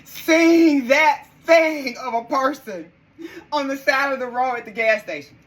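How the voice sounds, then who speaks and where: A woman's voice: sits high, a little slow, rough recording. A woman hosting a live podcast, exclamatory and incredulous, talking straight to her listeners. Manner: animated and incredulous. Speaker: podcast host.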